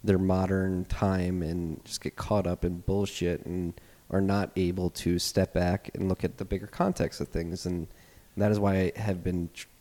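Deep-voiced male podcast host. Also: flat delivery, moderate pace, few pauses, dark tone, long reverb tail. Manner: earnest, rambling, swears freely. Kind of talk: casual podcast chat.

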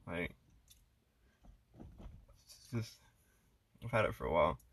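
Loud, profane man telling stories. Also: low-pitched, expressive, slow, creaky, no room sound. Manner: loud swearing storyteller, puts on voices for jokes. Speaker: podcast co-host. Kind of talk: casual podcast chat.

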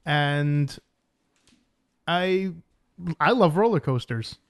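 A man co-hosting a casual podcast chat, teasing his co-host with quick jokes. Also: on the high side, animated, smooth, no room sound, studio quality.

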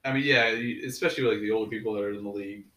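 A man from Cleveland chatting casually about sports with friends in a quick, talkative way. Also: fairly low pitch, steady tone, bright, forceful tone. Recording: echoey room.

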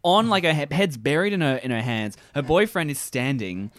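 A man's voice: a little high, big pitch swings, brisk, a bit bright, a little hiss or hum. A man co-hosting a comedic reaction show, playfully mocking the clips and acting out their lines in silly voices. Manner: playful, mock-quotes voices. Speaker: co-host reacting to a video.

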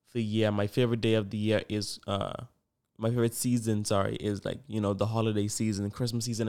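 A man's voice: lowish voice, a little mellow, clear, resonant tone. A young man hosting his own podcast, talking to listeners in an upbeat, chatty and rambling way. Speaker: podcast host. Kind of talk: casual solo podcast chat.

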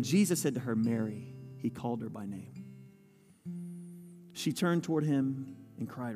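A man's voice: mid-range voice, lively intonation, fairly quick. A man preaching a sermon, reading scripture aloud and putting questions to his listeners. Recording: long hall reverb with faint music.

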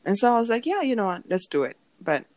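A young woman chatting casually, telling an animated story, acting out what others said and laughing often. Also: on the high side, quick pace, dry recording. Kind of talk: casual chat.

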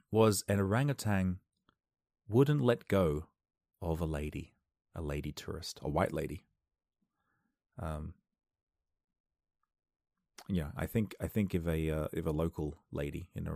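A man doing a rambling comic monologue into a close microphone, wry and self-interrupting, with sudden loud outbursts. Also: low voice, creaky, no echo. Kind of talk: comedic podcast monologue. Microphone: close studio microphone.

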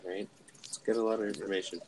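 A man's voice: lowish voice, little pitch movement, fast talker, slight background noise. A man with a northern US accent co-hosting a casual podcast chat, rambling and swearing casually. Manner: easygoing, rambling, profane. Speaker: podcast co-host.

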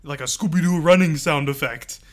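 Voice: medium pitch, fairly quick. A podcast co-host in casual chat, making sarcastic, profane jokes with laughing asides.

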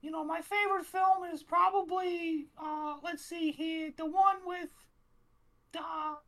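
A squeaky foul-mouthed cartoon mouse. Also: steady tone, unhurried, sharp tone, exaggerated voice. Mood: grumbling crude. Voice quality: very high squeaky falsetto. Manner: crude, swearing, rambling. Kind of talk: comedic improv character bit.

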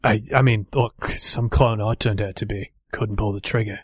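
Troubled clone veteran, voiced by a man, halting delivery, dry recording. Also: fairly low pitch, fairly even intonation, breathy edge, dry recording. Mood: haunted. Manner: hesitant, halting. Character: haunted male clone ex-soldier working as bellhop. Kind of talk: character voice in tabletop play.

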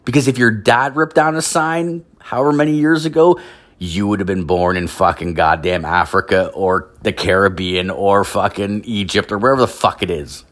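A man's voice: on the low side, fairly even intonation, moderate pace, a bit bright. A man ranting casually, rambling with constant filler words and heavy swearing. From Canada. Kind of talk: profane casual rant.

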